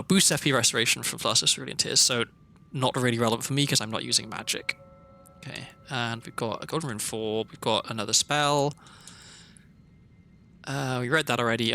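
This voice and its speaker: Bright-voiced man streaming a game. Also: mid-range voice, gravelly, a little hiss or hum. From Wales. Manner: chatty, thinks aloud, many fillers and restarts. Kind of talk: casual live gameplay commentary. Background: faint background music.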